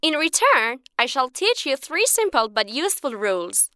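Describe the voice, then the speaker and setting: A woman's voice: sits high, moderate pace, smooth, no echo, studio quality, full character voice. A woman voicing a small wise talking bird. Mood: earnest. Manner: lively, patient, lecturing.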